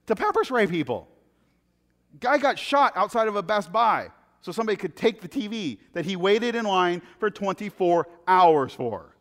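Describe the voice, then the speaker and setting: A man preaching a sermon, telling funny everyday stories in a chatty, animated way. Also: high-pitched, moderate pace. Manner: conversational, animated, self-deprecating anecdotes. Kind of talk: sermon with humorous storytelling. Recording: long hall reverb.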